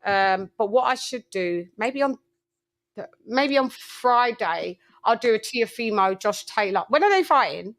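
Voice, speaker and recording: A woman's voice: a little high, expressive, unhurried. A woman hosting a casual boxing talk stream, chatty and swearing freely. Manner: chatty, swears freely, lots of "you know what I mean". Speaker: boxing show host. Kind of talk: casual live-stream chat.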